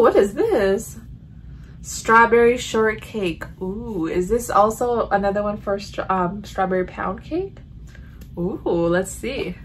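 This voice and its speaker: A chatty woman vlogging at home, reacting out loud as she sniffs and reviews candles. Her voice sits a little high, with a faint hiss of noise behind it. She talks in a loose, animated way. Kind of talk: casual haul vlog. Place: home room.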